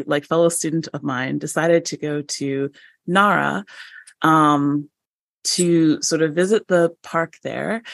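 A woman guest on a podcast, telling a story in an animated, chatty way with many fillers and laughs. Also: low-pitched, gravelly, no echo, clean studio sound. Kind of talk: conversational storytelling.

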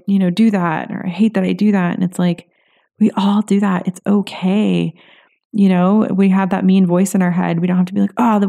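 Gravelly-voiced woman podcast host. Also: on the low side, mellow. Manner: encouraging, loose, heavy on "you know" and "like". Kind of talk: solo podcast talk.

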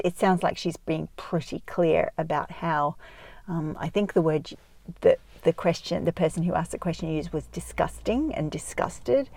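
Low-voiced woman giving calm parenting advice. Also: no room sound. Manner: calm, measured, frequent ums and pauses. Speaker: parenting educator. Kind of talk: podcast-style advice talk.

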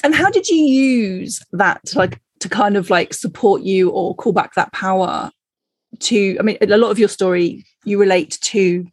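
A woman from Cornwall hosting a podcast interview, chatty and quick to laugh, with lots of fillers. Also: mid-range voice, lively intonation, slightly rough, dry recording. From Cornwall, England. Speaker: podcast host. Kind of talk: casual conversational interview.

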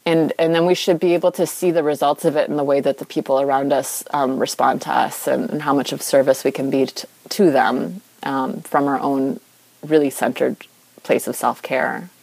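A woman's voice: a bass voice, fairly even intonation, moderate pace, gravelly, a little mellow, husky, dry recording, poor audio. A young woman talking informally about yoga and spiritual practice, with many fillers and restarts. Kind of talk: reflective spiritual monologue.

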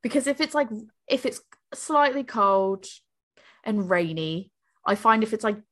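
A woman co-hosting a podcast, chatting casually and acting out quotes as she tells animated stories. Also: medium pitch, measured pace. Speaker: podcast co-host. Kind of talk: casual chat.

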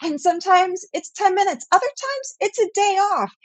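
A woman's voice: extremely high pitch, lively intonation, normal speed, dry recording. A middle-aged woman Pilates teacher giving earnest, explanatory interview answers. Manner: earnest, explanatory, acts out quoted voices.

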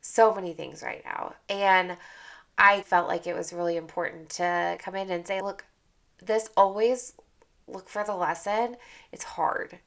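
A woman's voice: medium pitch, steady tone, a little slow, creaky. A woman hosting her own podcast, talking candidly in a casual motivational monologue and repeating phrases for emphasis. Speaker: podcast host.

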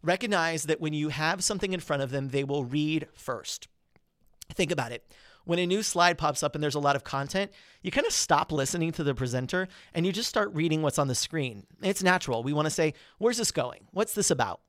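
A man hosting a podcast, giving quick, energetic coaching tips on presenting with melodic, well-placed pauses. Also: fairly high pitch, no room sound, studio quality. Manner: melodic, modulated emphasis. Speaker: podcast host.

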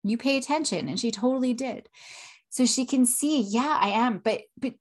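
A woman's voice: on the high side, moderate pace. A woman in her thirties hosting a parenting podcast, explaining in a casual teaching monologue and acting out feelings and quotes. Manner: animated, acts out emotions and quotes with tag questions.

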